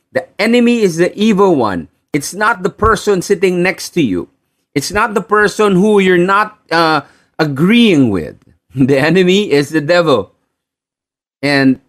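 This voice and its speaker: A man with a Filipino accent preaching a sermon, animated and repeating key phrases for emphasis. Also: a little high, a little slow.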